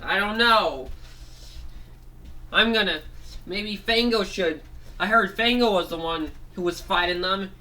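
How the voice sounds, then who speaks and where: A man telling a rambling, improvised story, correcting himself as he goes and jumping into quick voices for the characters. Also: high-pitched, sharp tone.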